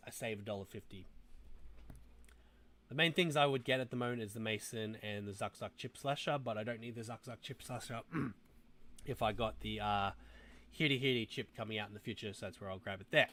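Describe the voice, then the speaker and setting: A man's voice: fairly low pitch, brisk, a bit bright. A young man hosting a casual toy livestream, rambling and muttering asides to his chat as he browses. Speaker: toy review livestream host.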